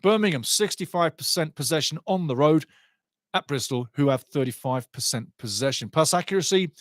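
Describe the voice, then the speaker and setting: A man's voice: a little high, expressive, fairly quick, no room sound. A man hosting a live football watch-along, chatting through scores and match statistics. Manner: chatty, reads out scores and stats.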